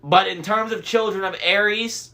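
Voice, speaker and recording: A man's voice: high voice, fairly even intonation, moderate pace, gravelly, bright, forceful tone. A young man reading a novel aloud, breaking off for enthusiastic, chatty fan commentary. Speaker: audiobook reader.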